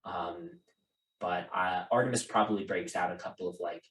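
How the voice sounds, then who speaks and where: A man's voice: deep voice, sing-song, moderate pace, a bit bright, echoey room, far from the mic, poor audio. A man narrating a tabletop game as game master in a casual, filler-heavy way.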